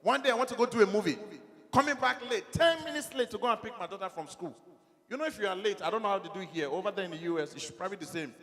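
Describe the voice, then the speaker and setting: A middle-aged man with a Nigerian accent doing a stand-up comedy set, animated, acting out dialogue in his stories. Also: sits high, fast talker, long reverb tail.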